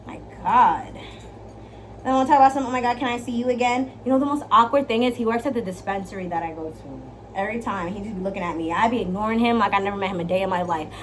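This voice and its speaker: A young woman vlogger giving dating advice in a brash, profane, playful monologue, swinging from loud to hushed. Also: medium pitch, fast, slight background noise. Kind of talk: casual storytelling monologue.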